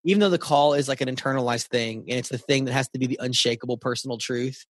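A man's voice: medium pitch, quick pace, no room sound. Chatty man hosting a podcast, dry sound. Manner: relaxed, chatty, frequent "like" fillers. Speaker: podcast host. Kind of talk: casual conversational interview.

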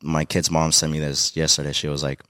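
A man's voice: a bass voice, completely flat delivery, a little fast, bright, forceful tone, no room sound, clean studio sound. A young man from Mexico, a podcast guest, talking in a heartfelt, rambling way with many fillers about being a dad. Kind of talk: emotional casual conversation.

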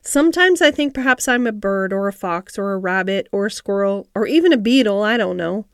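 A woman reading a cheerful moor boy, easy broad dialect, dry close sound, middle pitch. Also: expressive, a little fast, clean tone, no echo, lightly acted. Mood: earnest. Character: cheerful country boy who talks to animals.

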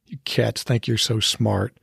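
A man voicing an excitable, territorial female border collie who blusters threats at a cat. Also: lowish voice, measured pace, creaky, husky, no echo, studio quality, heavily acted. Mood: bristling.

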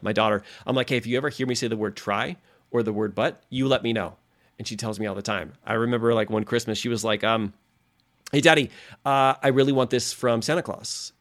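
A man's voice: medium pitch, a bit bright. A man hosting a motivational podcast as a coach, talking straight to his listeners in an earnest, direct way.

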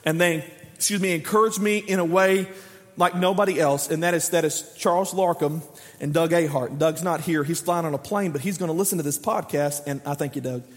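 High-voiced man preaching a sermon. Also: a little fast, big-room sound. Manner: lively storytelling preacher who acts out quoted dialogue. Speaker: pastor.

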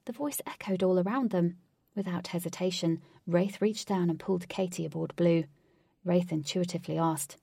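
A woman narrating a story in a measured, soft-spoken way. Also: lowish voice, fairly even intonation, vocal fry, slightly rough, dry recording, studio quality.

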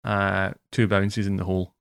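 A man's voice: deep voice, completely flat delivery, moderate pace, a bit bright, clean tone, no echo, studio quality. A man hosting a casual podcast, telling stories with wry, teasing asides. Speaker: podcast host. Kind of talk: casual banter.

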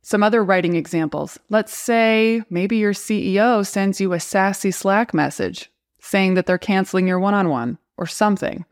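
A woman in her thirties hosting a podcast, talking casually and playfully while acting out quick snippets of dialogue. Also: mid-range voice. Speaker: HR podcast host. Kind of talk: casual explainer talk.

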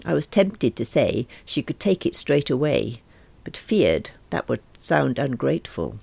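A woman's voice: a bass voice, very animated, a little slow, gravelly, dark tone, slightly rough, no echo. A middle-aged woman narrating a comic diary novel in a wry, self-mocking manner. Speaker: audiobook narrator.

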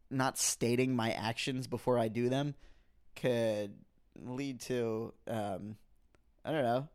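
With a clear, resonant, medium-pitched voice, a young podcast host rambles through a comedic rant. He keeps interrupting himself mid-thought until he climbs into animated exasperation.

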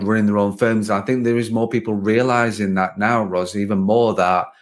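Rambling man hosting a podcast. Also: lowish voice. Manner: rambling, many restarts and "like" fillers. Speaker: podcast host. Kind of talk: casual interview chat.

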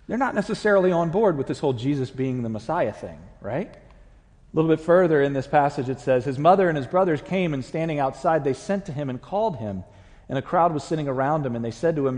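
A man's voice: mid-range voice, darkish tone, in a large hall. A man preaching a conversational sermon and putting questions to his congregation. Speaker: pastor. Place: church sanctuary.

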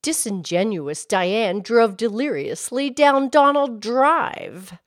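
A woman voicing a gentle, patient cow who cohosts a children's podcast. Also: deep voice, lively intonation, normal speed, no echo, studio quality. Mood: calm. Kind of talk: kids' podcast character play.

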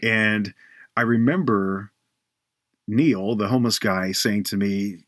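A man hosting a faith podcast, telling a personal story earnestly and slowing down for emphasis. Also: lowish voice, a bit bright, no echo, clean studio sound.

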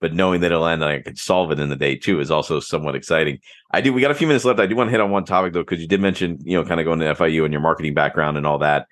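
A man's voice: extremely low pitch, fairly bright tone. A man hosting a podcast interview, affirming his guest and steering to new questions. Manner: affirming, quick backchannels. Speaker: podcast host. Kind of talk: casual interview talk.

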